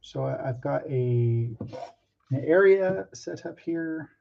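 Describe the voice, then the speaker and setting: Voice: medium pitch, lively intonation, slow pace, vocal fry, muffled recording. An artist talking casually to camera about drawing, hesitant and nervous, with many ums and restarts and some self-mocking asides.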